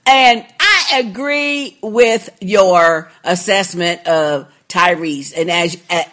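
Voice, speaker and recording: A woman's voice: on the low side, slow pace, fairly bright tone. A woman hosting a podcast in casual chat, candid and opinionated. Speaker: podcast host.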